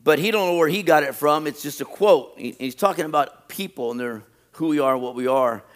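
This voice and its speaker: A pastor preaching a sermon, repeating his phrases and stressing them with rising emphasis. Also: a little high. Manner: reads a list slowly and deliberately.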